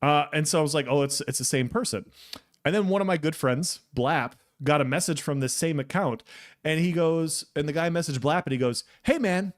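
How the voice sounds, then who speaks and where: A man co-hosting a gaming podcast, telling a long story in a casual, animated way with lots of fillers and restarts. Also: fairly high pitch, brisk. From Texas. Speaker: podcast co-host.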